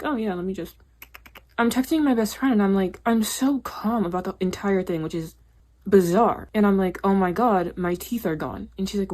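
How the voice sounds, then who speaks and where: A young woman with a slightly low voice tells a personal story straight to camera. She talks in a chatty, confessional way, leaning on "like" and "literally", and her tone turns emphatic and indignant. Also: a little mellow. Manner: chatty, confessional, peppered with 'like' and 'literally'.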